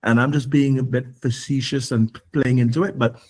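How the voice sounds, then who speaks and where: A man in an interview pressing his argument with emphasis, circling back on words as he builds a point. His voice sits at an ordinary middle pitch, and he sometimes acts out pointed questions in a raised voice. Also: steady tone, normal speed, a little mellow, breathy edge. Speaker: guest. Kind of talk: interview conversation.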